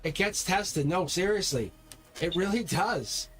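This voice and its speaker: Male tarot streamer, fairly high voice, rambling and heated, faint music underneath. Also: lively intonation, unhurried, a bit bright. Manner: talks straight to viewers, swears when heated; rambling, repeats words and restarts. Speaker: tarot reader. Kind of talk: live-stream tarot reading.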